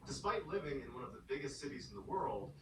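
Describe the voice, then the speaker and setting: A man's voice: medium pitch, big pitch swings, fast talker, sharp tone, echoey room, recorded from a distance, slight background noise, poor audio. A man narrating scary true stories in a dramatic, suspenseful way. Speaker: storyteller.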